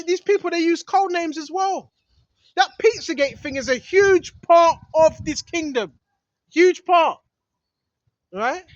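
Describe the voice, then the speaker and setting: A man preaches on a vlog from a small hidden spot in the woods. His voice sits high, and he rambles with emphasis, often tacking on "right?". The sound is dull and lo-fi, with very little echo. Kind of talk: outdoor religious vlog monologue.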